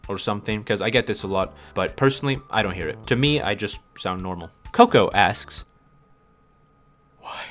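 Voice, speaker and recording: A man's voice: fairly low pitch, animated, moderate pace, fairly bright tone, soft background music. A young man in his twenties from Canada with a North American accent, answering viewer questions in a casual chat with a bouncy, up-and-down way of talking. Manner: sing-song, up-and-down rhythm with playful swearing.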